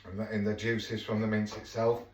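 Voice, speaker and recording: A man's lowish, fairly flat voice moves at a normal speed as he rambles jokingly while cooking in his home kitchen. Originally from Yorkshire, England, this home cook vlogger has a Yorkshire accent. Noise, kitchen echo, and a far-off mic mark the recording.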